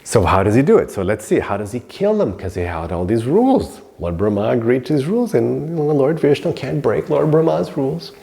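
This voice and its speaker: A man's voice: medium pitch, sing-song, brisk, creaky, hardly any pauses, mellow. A man teaching a spiritual story in a casual, rambling way, full of fillers. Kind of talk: storytelling lesson.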